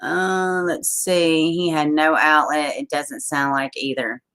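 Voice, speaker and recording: A woman hosting a casual live stream, reading news stories and viewer comments aloud, chatty and quick to laugh. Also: sits low, steady tone, a bit bright, clean tone. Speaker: livestream host.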